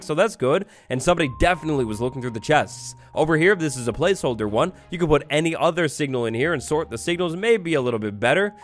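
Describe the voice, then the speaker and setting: A young man hosting a game tutorial, explaining mechanics in an upbeat, playful way and acting out little scenes. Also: a little high. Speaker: Minecraft tutorial host. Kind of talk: gameplay tutorial narration. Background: background music.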